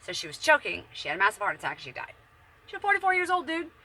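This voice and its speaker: A woman's voice: sits high, huge pitch swings, fast, bright, forceful tone. A woman in her forties, chatting bluntly and profanely from her bedroom in a casual, rambling monologue. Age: 40s. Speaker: vlogger.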